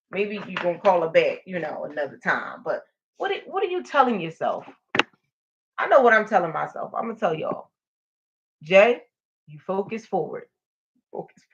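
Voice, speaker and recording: Upbeat woman hosting a lo-fi live stream. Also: mid-range voice. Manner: energetic, encouraging, calls out to viewers. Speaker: motivational livestream host. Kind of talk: live-stream pep talk reading comments.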